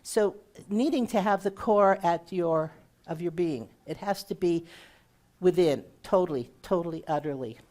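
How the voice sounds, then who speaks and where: A woman's voice: on the low side, measured pace. A middle-aged woman giving a conversational sermon as a guest minister, asking the congregation questions as she goes. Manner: warm conversational preaching with audience questions.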